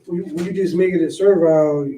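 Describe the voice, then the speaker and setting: A man's voice: on the high side, fairly even intonation, quick pace, mellow, a little hiss or hum. A man in a class, hesitantly asking questions and checking his understanding. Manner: asks questions, hesitant, affirms often. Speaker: student. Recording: roomy, distant mic.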